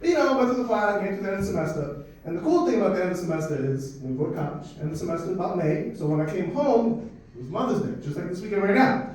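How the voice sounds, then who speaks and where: A man of Dominican heritage doing a stand-up set, telling an animated, profane story and working the crowd. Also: high-pitched, rapid-fire. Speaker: stand-up comedian. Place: comedy club stage. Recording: echoey club from a distance.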